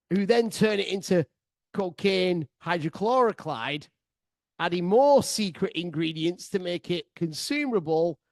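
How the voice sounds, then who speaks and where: A man telling a sweary comic travel story to his listeners, excitable, laughing often and swearing freely. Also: sits high, no room sound. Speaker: podcast storyteller.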